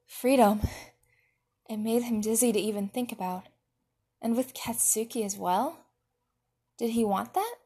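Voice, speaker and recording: A woman reading fan fiction aloud with expressive narration. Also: on the high side, a little slow, pauses often, breathy edge. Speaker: reader.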